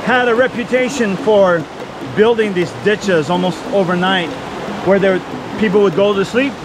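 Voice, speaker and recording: A man guiding a walk outdoors by a stream, explaining local lore in a relaxed way. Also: high voice, moderate pace. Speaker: local guide. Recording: outdoor recording, loud ambient noise.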